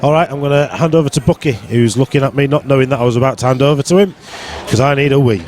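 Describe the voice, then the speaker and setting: A man's voice: medium pitch, quick pace, darkish tone. A man from the UK giving casual live pool commentary from a pub, joking with his co-commentator. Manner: jokey banter with co-commentator. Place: pub venue.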